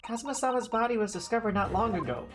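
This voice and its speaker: A man voicing an earnest young female assistant, speaking high and pleading, over game music. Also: quick pace, fairly bright tone. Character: earnest young Japanese woman assistant, distressed.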